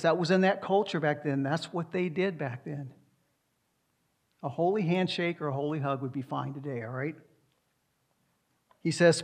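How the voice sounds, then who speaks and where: Brief: male preacher, slightly high voice, emphatic sermon delivery with repeated rhetorical questions. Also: moderate pace, long pauses. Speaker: pastor. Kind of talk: sermon and prayer.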